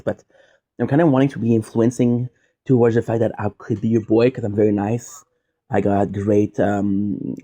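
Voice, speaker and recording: In a lowish, mellow voice, a streamer from Quebec, Canada, chats jokingly in a loose, rambling monologue that strays onto side tangents.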